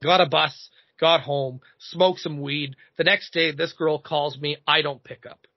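A man in his thirties, a podcast host, telling a comedic story in an animated, profane way. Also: fairly high pitch, a little slow, no room sound, lo-fi sound. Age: 30s.

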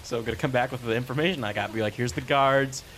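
A man's voice: medium pitch, noisy background. A man playing a tabletop game, joking and swearing his way through casual banter. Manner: profane, quick and joking. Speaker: player.

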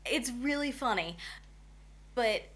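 A woman's voice: fairly high pitch, lively intonation, takes it slowly, a bit bright. A woman co-hosting a casual chat, reading questions aloud, easygoing and giggly. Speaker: podcast co-host.

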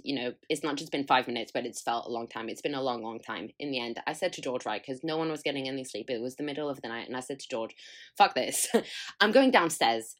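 A woman's voice: very deep voice, fairly bright tone. A young woman hosting a podcast, chatting candidly with a frank, sweary, self-mocking manner and frequent laughter. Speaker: podcast host. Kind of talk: candid solo chat.

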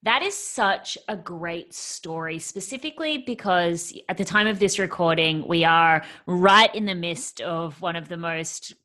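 A woman's voice: fairly low pitch, measured pace, few pauses, pushed and bright. A woman hosting a podcast interview, chatting in a bubbly, enthusiastic way. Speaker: podcast host. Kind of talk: casual interview chat.

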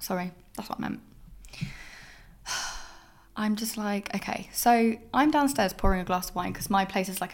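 A young woman hosting a solo podcast, telling stories in a candid, expressive way and swearing freely. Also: medium pitch. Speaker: podcast host.

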